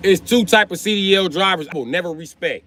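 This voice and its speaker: A man streaming live, telling a heated story in a loud, profane rant that breaks into shouting. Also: high voice, quick pace, slight background noise. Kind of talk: ranting storytime.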